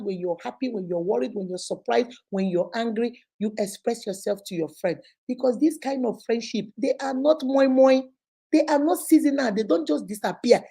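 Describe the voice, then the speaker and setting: A middle-aged woman with a Nigerian accent gives motivational life advice to camera in an animated, preachy way, acting out the people she quotes. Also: a little high, breathy edge, rough recording. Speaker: vlogger giving life advice.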